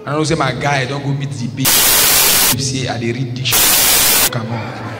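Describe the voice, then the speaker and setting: A man's voice: mid-range voice, fairly even intonation, a little slow, loud music behind the voice. A male stand-up comedian with a Nigerian accent, telling a story in a chatty way and acting out the dialogue, recorded live in a noisy, echoey hall. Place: large concert hall.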